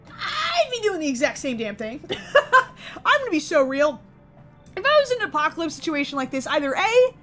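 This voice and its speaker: A young woman giving casual let's-play commentary while streaming a game jokes around and corrects herself mid-chat. Her voice is high-pitched and a bit bright.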